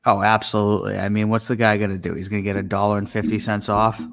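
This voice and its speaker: A man's voice: fairly low pitch, level tone, quick pace, vocal fry, a bit bright, no room sound, clean studio sound. A man co-hosting a sports podcast, laid-back, mostly giving short agreeable replies. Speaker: podcast co-host. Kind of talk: casual sports podcast chat.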